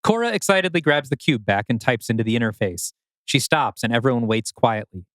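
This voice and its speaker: A man reading scripted narration for an audio drama in a measured, wry manner. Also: mid-range voice, expressive, fairly bright tone, no room sound, studio quality.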